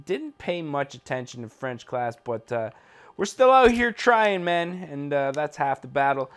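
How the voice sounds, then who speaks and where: Young man, from Canada, slightly high voice, casual gameplay commentary, rambling, joking, many fillers, desk mic at home. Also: smooth. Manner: laid-back, rambling, joking, lots of fillers. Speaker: gaming channel host.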